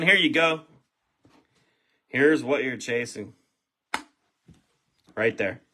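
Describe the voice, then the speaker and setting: A man hosting a live trading card box break, excitable and profane, shouting when big cards are pulled. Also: medium pitch.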